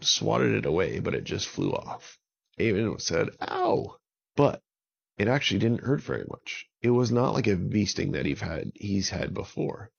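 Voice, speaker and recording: A man's voice: fairly low pitch, vocal fry, husky. A man telling a children's story off the cuff, in simple words with repeated phrases and small self-corrections. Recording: dull lo-fi recording.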